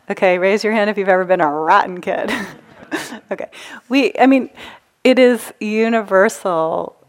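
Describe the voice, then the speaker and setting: A woman giving a gentle, engaging dharma talk to a live retreat audience as a meditation teacher. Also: medium pitch, unhurried, long pauses. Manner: gentle, engaging, asks the audience to raise hands.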